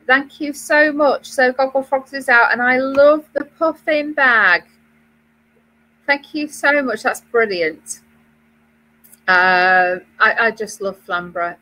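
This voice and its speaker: Bright, chatty British woman. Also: on the high side, poor audio. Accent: British English. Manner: chatty, rambling, many fillers and restarts. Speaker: co-host of a knitting web show. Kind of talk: casual chat.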